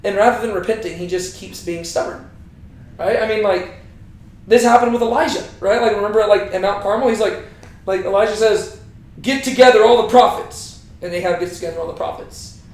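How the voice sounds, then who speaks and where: A man's voice: sits high, fairly quick, darkish tone. A young man teaching a casual Bible lesson in a chatty way, tagging lines with "right?". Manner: chatty, keeps asking right?. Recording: very echoey room.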